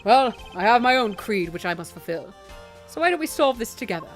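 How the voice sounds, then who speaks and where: A woman voicing a composed, reserved male prosecutor, reading game dialogue on a stream in a measured, lowered tone. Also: very animated, soft background music.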